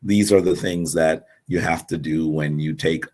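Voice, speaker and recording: A man with a sore throat giving an earnest live-streamed religious teaching, pausing often with ums as he explains. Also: very deep voice, steady tone, noisy background. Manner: slow, earnest, lecturing with frequent ums.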